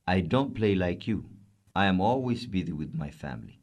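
A stern, proud male camel from a children's storybook, indignant at the lazier farm animals, as a man reads him aloud. His voice sits very deep and low. He speaks with firm, grumbling indignation. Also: animated, normal speed, a little mellow, a little hiss or hum. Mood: matter-of-fact.

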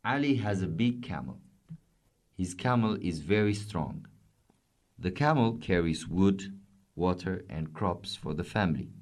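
Deep-voiced man reading a kids' story. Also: expressive. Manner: slow, simple, clear. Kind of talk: children's story narration.

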